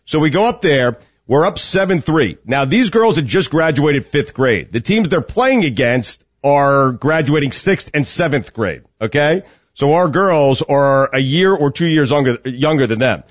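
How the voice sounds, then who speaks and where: A man's voice: fairly high pitch, a little slow, dry recording. A man co-hosting a radio show, emotionally telling a story about coaching his daughter's team, tearing up as he talks. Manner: choked up, storytelling with rising excitement. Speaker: co-host, youth lacrosse coach. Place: radio studio. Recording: dull radio studio sound, dry.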